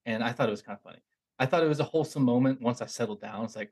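A young man hosting a podcast, telling a story in a casual, animated, rambling way and poking fun at himself. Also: medium pitch, very fast, husky. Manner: animated, rambling, self-mocking, with frequent restarts. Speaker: podcast host.

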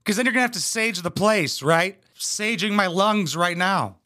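A man's voice: sits high, animated, normal speed, bright, forceful tone. A young man hosting a reaction commentary, crude, sarcastic and mocking as he talks over clips. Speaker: commentary host.

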